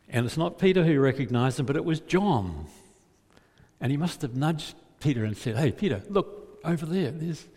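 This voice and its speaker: This male preacher's voice sits on the high side with a darkish tone. His sermon brings a gospel story vividly to life, peppered with rhetorical questions for the congregation, and the recording carries a long hall reverb.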